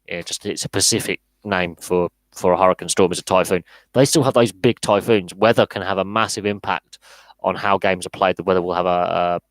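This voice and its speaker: A man's voice: sits low, no echo, rough recording. Blunt man in a dry room. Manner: blunt, repeats words and restarts often. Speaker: sports podcast host. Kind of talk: live podcast Q&A, casual opinionated chat.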